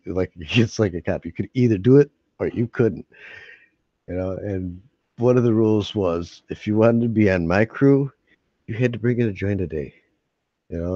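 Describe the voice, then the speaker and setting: A man's voice: deep voice, mellow, dry recording. A man hosting a casual late-night livestream from home, rambling, joking and laughing often. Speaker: livestream host. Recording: dull dry home mic.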